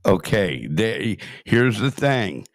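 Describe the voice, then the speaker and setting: A man's voice: on the low side, very animated, slow pace, dry recording, studio quality. A man hosting a show, chatting casually and explaining a played story, with some swearing. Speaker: host reacting to a clip. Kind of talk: casual commentary.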